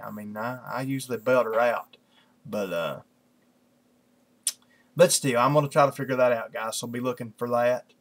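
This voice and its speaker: A man with a gravelly, mid-pitched voice chats casually at his computer before a Bible reading. He rambles and leans on fillers like "you know" and "kinda". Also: fairly bright tone. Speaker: lay preacher hosting an online Bible study. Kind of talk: casual chat then scripture reading.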